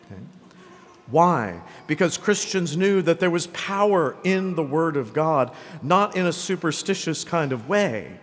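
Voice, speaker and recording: A man's voice: on the high side, sing-song, unhurried, a bit bright. Male priest, conversational homily, frequent "right?" tags, long church reverb. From Greenville, South Carolina. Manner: conversational, often tags lines with "right?" and "okay?". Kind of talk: sermon.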